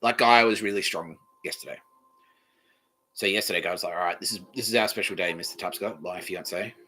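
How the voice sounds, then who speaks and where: An Australian man hosts a podcast, meandering casually, swearing plenty and chuckling along the way. His low voice is brisk with a sharp tone. The audio quality is poor.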